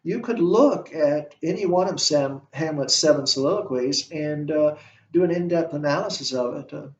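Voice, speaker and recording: Man, literature instructor, classroom lecture, halting with fillers, somewhat high voice, echoey room. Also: slight background noise. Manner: halting, many "uh" fillers and restarts. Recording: echoey room, distant mic, dull sound.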